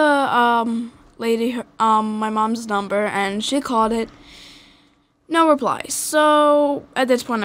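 A teenage girl telling a personal story in a casual podcast chat, hesitant with many fillers. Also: on the high side. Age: teens. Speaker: podcast guest.

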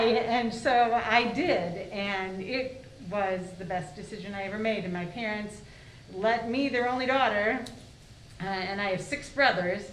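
Animated woman in her sixties, echoey hall. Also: mid-range voice, unhurried. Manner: animated, acting out quoted dialogue. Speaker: former liaison team member. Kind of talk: panel storytelling. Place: museum event hall. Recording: echoey room, faint noise.

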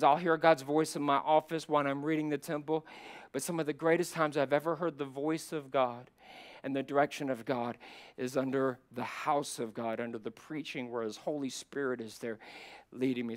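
A middle-aged male pastor delivers a sermon in a church sanctuary. His voice sits a little high for a man and swings between loud, emphatic climbs and hushed, close asides.

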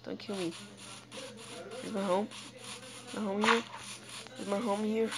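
A woman's voice: medium pitch, fairly even intonation, measured pace, heavy background noise. A woman giving live gameplay commentary, panicky and pleading, talking to herself as she plays. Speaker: gamer. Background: loud game music.

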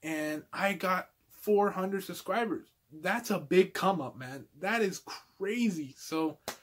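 A man's voice: sits high, takes it slowly, fairly bright tone. A young man in a casual toy-collection vlog, laid-back and fond of calling everyone dude, tired and out of breath.

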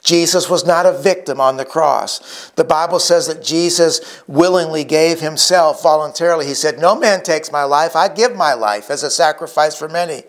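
Emphatic preaching man, higher voice. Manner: emphatic preaching, slowing for key words. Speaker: pastor. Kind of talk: sermon.

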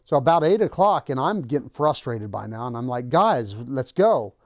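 A man's voice: mid-range voice, very animated, brisk, dry recording, clean studio sound. A man hosting his own channel, casually telling a personal story and acting out the lines of the people in it. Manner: conversational, acts out quoted lines. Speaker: channel host.

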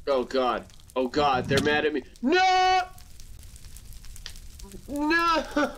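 A man hosting a let's play, commenting on his game in an excitable voice and exclaiming in frustration. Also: mid-range voice, normal speed, slight background noise. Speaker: gaming channel host.

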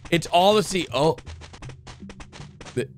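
An excitable man reacts out loud, exclaiming and urging characters on. His voice sits a little high and swings widely in pitch. Clear background music plays beneath him throughout. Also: slow. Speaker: reaction video host. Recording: music playing under the voice.

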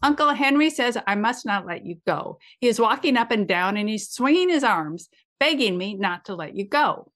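A woman's voice: fairly high pitch, animated, normal speed, a bit bright. Woman reading as a pleading young girl. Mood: urgent. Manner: tearful, pleading. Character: distraught eleven-year-old girl, pleading.

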